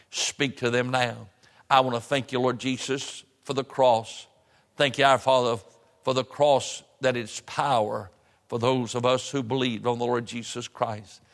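A man preaching a sermon in a church, in an emphatic, rising cadence with drawn-out phrases. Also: medium pitch, level tone. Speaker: pastor. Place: church sanctuary. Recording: church hall reverb.

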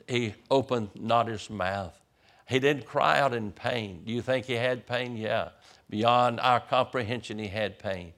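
A pastor preaches a sermon as vivid storytelling, often stammering over the opening words of his sentences. His voice is medium-pitched with a fairly bright tone.

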